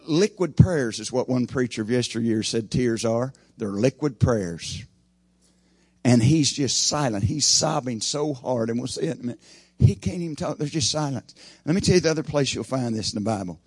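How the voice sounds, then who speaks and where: Preacher with dramatic swings. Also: male voice, mid-range voice, no room sound. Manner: dramatic preaching that swells loud then drops quiet. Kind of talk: sermon.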